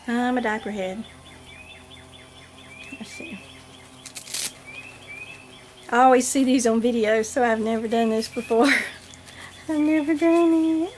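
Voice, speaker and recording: A woman's voice: high-pitched, a little hiss or hum. A woman vlogger unboxing a doll at home, gushing and giggling as she talks to viewers. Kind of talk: casual unboxing vlog. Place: home nursery. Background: birds chirping.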